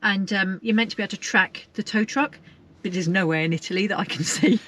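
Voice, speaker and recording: A woman in a casual travel vlog, mid-pitched and impatient. She sounds exasperated at the wait, with a faint hiss behind her. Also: quick pace, fairly bright tone. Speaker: vlogger.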